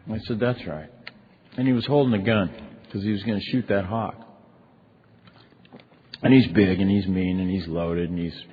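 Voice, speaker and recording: Middle-aged guy sharing his story at a meeting, kinda husky and lowish, tinny recording with big hall echo. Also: normal speed, pauses often. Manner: candid and conversational, many "you know" and "man" fillers. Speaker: recovery meeting speaker. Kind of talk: personal story told from a stage. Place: large convention ballroom.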